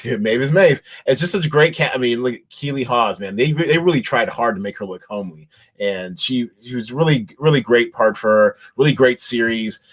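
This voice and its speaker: A man's voice: medium pitch, a little fast, few pauses. A man hosting a podcast, chatting casually about TV shows in a rambling way, with lots of restarts and fillers. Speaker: podcast host. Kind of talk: casual chat.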